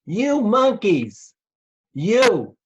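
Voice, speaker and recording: A man's voice: high-pitched, very animated, pitched above the performer's own voice, full character voice. A man doing a fuming cap peddler. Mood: scolding. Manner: scolding, drawn-out shouts. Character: angry male cap peddler, grown man.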